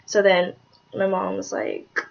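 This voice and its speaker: A young woman talking candidly in a personal vlog, rambling with lots of "like"s and swearing, soft-spoken with hesitant restarts. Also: medium pitch, sing-song, slow pace, creaky. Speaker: vlogger. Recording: dull lo-fi audio.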